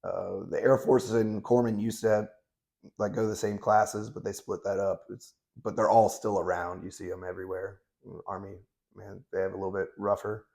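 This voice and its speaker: A man's voice: on the low side, little pitch movement, moderate pace, vocal fry, a little mellow. A man in his thirties telling stories as an interview guest, in a blunt, laid-back way and with plenty of swearing. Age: 30s. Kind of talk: casual interview storytelling.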